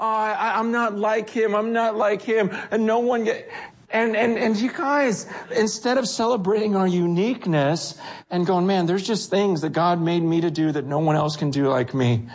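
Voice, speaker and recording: A man preaching a sermon, animated, acting out quoted voices, often repeating himself as he restarts. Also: high-pitched. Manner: frequent self-corrections and repeated words. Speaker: pastor.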